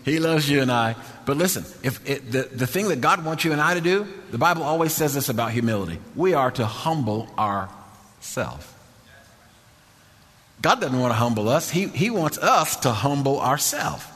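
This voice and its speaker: A man preaching a sermon with call-and-response, swinging between emphatic bursts and slow, soft phrases. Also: a little high, lively intonation. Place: church sanctuary. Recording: long reverb of a church hall.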